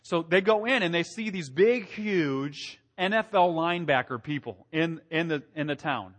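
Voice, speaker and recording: A man preaching a sermon, animated, asking the congregation questions and acting out quotes in a raised voice. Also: on the high side, moderate pace. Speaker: pastor.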